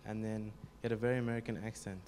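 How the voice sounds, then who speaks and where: Young man, low and flat, telling a testimony, faint room noise behind. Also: rapid-fire. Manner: plain, storytelling, frequent ums. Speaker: congregation member giving a testimony. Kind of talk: spoken testimony.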